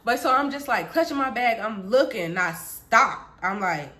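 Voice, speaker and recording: A woman vlogger telling her childhood story in casual chat, animated, laughing often and calling her viewers y'all. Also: fairly high pitch, normal speed.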